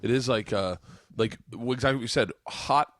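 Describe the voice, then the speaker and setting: A man's voice: medium pitch, moderate pace, fairly bright tone, dry recording, studio quality. A man hosting a podcast, chatting casually and rambling, with a lot of swearing and restarts. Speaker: podcast host, comedian. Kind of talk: casual chat.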